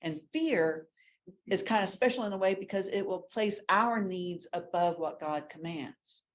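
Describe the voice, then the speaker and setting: A woman's voice: medium pitch, unhurried. A woman from Texas, teaching a ladies' Bible class in a chatty way full of restarts and asides. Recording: dull lo-fi recording.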